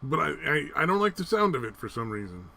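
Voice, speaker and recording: A man's voice: on the high side, big pitch swings, quick pace, vocal fry, bright, forceful tone. A man co-hosting a casual podcast chat with a wry, joking manner. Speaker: podcast co-host.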